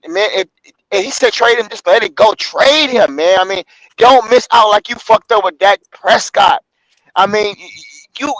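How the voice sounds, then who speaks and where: A man's voice: high voice, fairly bright tone, no echo, poor audio. A man in casual sports talk, emphatic and repeating himself, tagging lines with "man".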